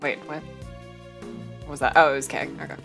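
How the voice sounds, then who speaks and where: A woman's voice: deep voice, flat delivery, a little fast, a bit bright. A woman streaming a video game, chatting casually and poking fun at her own slips. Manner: chatty, self-mocking. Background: game music.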